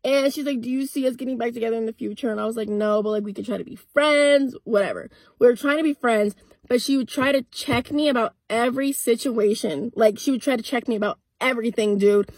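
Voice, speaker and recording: An eighteen-year-old woman tells a storytime vlog to her followers, blunt and casual, cursing and acting out both sides of the arguments. Her voice is a touch high and husky. The sound is dry and close. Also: a little fast, no room sound. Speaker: content creator.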